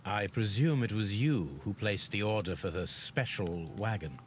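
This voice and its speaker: A man voicing a calm, polite detective in a video game, speaking in a formal, composed way. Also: fairly low pitch, moderate pace, slight background noise, natural voice.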